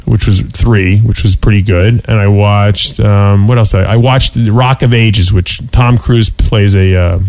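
This podcast co-host speaks in a low, darkish voice with fairly even intonation, a measured pace, and few pauses, recorded dry. His casual storytelling wanders, packed with restarts, fillers, and repeated "you know."

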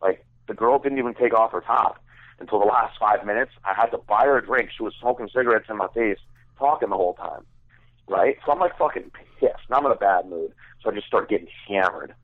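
A man's voice: on the low side, fairly quick. A young man telling a crude, rambling story in casual chat, full of fillers. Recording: dry tinny phone-like sound.

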